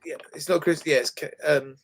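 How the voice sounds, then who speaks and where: A man's voice: fairly high pitch, steady tone, a little fast, a little hiss or hum. A man chatting casually on a livestream, rambling and restarting his sentences. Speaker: comic book creator.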